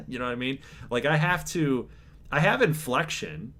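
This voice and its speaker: A man hosting his channel, reading out viewer survey answers in a laid-back, chill way, calling his own voice monotone and chuckling now and then. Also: mid-range voice, a little slow. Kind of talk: casual chat to camera.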